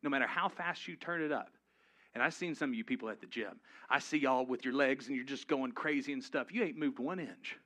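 A man's voice: mid-range voice, a little fast, sharp tone. A man preaching a sermon to his congregation, conversational and humorous, rising to emphatic peaks. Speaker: pastor. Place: church before a live congregation.

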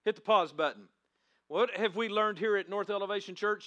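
A pastor with a high, slightly fast voice preaches a sermon, praying first and then reading scripture and acting it out with dramatic emphasis, even shouting the crowd's voices in his reenactment.

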